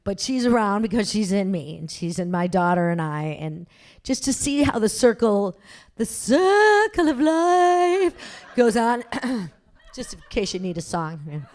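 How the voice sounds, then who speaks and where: A woman's voice: on the low side, animated, moderate pace, a little mellow. A middle-aged woman telling a personal story on stage before a live audience, chatty and self-mocking, laughing as she goes.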